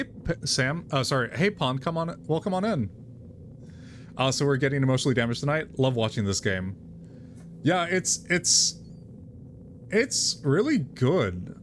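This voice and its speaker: A man's voice: medium pitch, a little hiss or hum. A man streaming live, chatting casually between read-aloud passages, talking loosely with lots of restarts. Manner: chatty, full of restarts and fillers.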